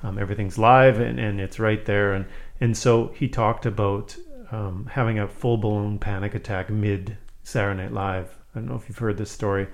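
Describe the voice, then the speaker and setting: A man hosting a podcast, retelling an anecdote in a casual, animated way with lots of fillers. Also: lowish voice, normal speed. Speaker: podcast host. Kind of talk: casual storytelling.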